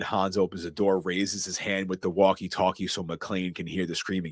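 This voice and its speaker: A man hosting a podcast, retelling a movie in animated, casual storytelling. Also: deep voice, moderate pace, hardly any pauses, dry recording. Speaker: podcast host. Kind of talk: casual movie recap chat.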